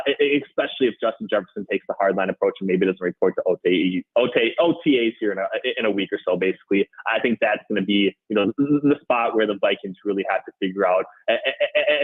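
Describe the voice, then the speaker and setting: Minnesota man, quick, husky, phone-in radio analyst, tinny line. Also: lowish voice. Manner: fast, hedging with fillers. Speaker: guest analyst.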